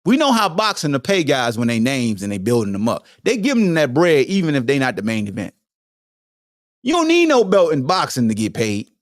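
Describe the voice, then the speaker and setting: Animated man ranting about fight sports. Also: a little high, no room sound, clean studio sound. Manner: animated, heated, blunt with slang and profanity. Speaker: podcast host. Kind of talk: opinionated sports rant.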